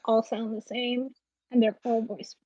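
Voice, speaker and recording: Give me a dry, dull-sounding woman co-host, animated and joking. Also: a little high, no echo. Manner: animated, joking, quick asides. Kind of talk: casual chat.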